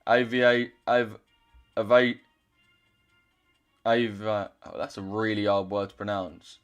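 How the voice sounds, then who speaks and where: A man's voice: lowish voice, level tone, unhurried, highs cut off, soft background music. A young man chatting casually on a trading livestream, loose and chatty, swearing now and then as he reads out chat.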